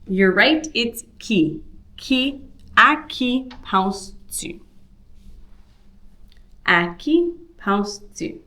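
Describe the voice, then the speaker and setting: A woman teaching a French grammar lesson, enunciating slowly and clearly as she walks through quiz sentences. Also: fairly high pitch, expressive, bright, forceful tone. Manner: slow, clear, careful enunciation. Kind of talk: language lesson.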